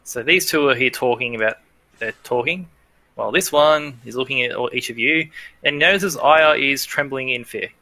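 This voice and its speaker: A man runs a tabletop game as its game master. His voice is bright and forceful, and the sound is dry and close. He hesitates often, restarting sentences and filling gaps with ums and "sort of". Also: medium pitch, moderate pace, no echo. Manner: hesitant, many fillers and restarts.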